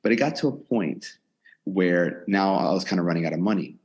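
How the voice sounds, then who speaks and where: This low, fairly quick voice with a breathy edge belongs to a man in his twenties who works as a personal trainer. Sitting in the gym he built inside a converted storage unit, he tells his story for a relaxed podcast interview, candid and lively, acting out his inner thoughts.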